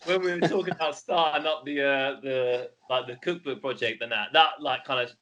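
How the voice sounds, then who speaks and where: A man's voice: mid-range voice, moderate pace, sharp tone. A man, a guest on a podcast, chatting casually and rambling with plenty of fillers. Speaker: podcast guest, cookbook co-founder. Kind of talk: casual chat.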